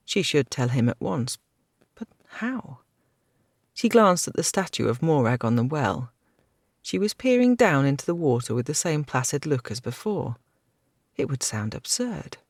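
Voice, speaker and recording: Male audiobook narrator, gravelly, even delivery. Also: on the high side, no echo, clean studio sound. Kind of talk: scripted fantasy narration.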